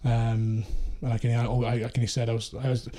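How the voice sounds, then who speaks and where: Sweary Scottish man, mellow voice. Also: medium pitch, monotone, moderate pace. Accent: Scottish, East Coast. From Scotland. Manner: blunt, sweary storytelling with laughs. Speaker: podcast guest, former security contractor. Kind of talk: casual chat.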